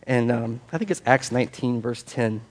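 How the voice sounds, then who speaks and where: A man's voice: medium pitch, normal speed, a little mellow. A man pastor preaching a sermon in a church on a microphone, reading scripture, then talking plainly with casual asides and leading a prayer. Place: church sanctuary. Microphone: handheld or stand microphone.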